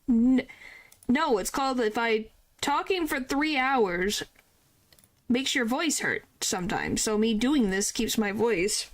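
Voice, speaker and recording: A woman's voice: a little high, expressive, slow. A woman streamer chatting casually and playfully while playing a game, with mild joking swears.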